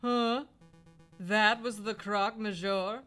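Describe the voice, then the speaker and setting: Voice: medium pitch, steady tone, takes it slowly, pushed and bright, soft background music. A player voicing a smug, prying male bird lawyer who speaks coolly.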